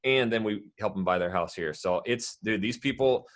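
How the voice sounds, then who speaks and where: A man, a real estate agent guest, telling lively stories in casual podcast chat and swearing freely. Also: on the low side, moderate pace. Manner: animated, swearing, full of storytelling.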